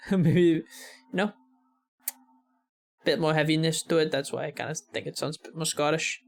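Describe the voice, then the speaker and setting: American man, reaction host, slightly high voice, gravelly fry, filler-heavy casual chat. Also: fairly even intonation, moderate pace. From United States. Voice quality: rambling with many fillers.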